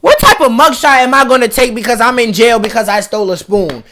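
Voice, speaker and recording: A man hosting a reaction video, giving loud, incredulous, slang-heavy comedic commentary. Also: extremely high pitch, expressive, fairly quick, slight background noise.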